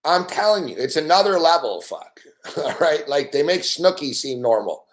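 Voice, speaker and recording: A man's voice: a little high, very animated, moderate pace. Brash, foul-mouthed man ranting. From Canada. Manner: rambling, brash, swears constantly, laughs often. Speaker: host. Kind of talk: profane late-night betting chat.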